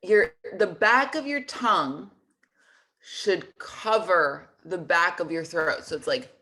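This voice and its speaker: Bright-voiced woman teaching singing. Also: fairly low pitch, slow. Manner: explains and demonstrates sounds in her speaking voice. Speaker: voice teacher hosting a workshop. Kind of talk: online singing lesson.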